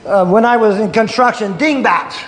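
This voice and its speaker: In an echoey hall with long reverb and faint room noise, a man preaches a sermon full of homespun stories. He speaks at a moderate pace in a high voice, calling out "Hallelujah" and "Hello?" to the congregation and chuckling between lines in a folksy storytelling manner.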